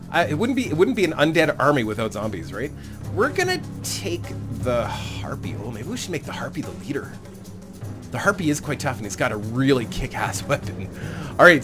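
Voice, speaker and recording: A man giving casual, rambling gameplay commentary as a let's play host, often laughing to himself. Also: mid-range voice. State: recovering from a cold.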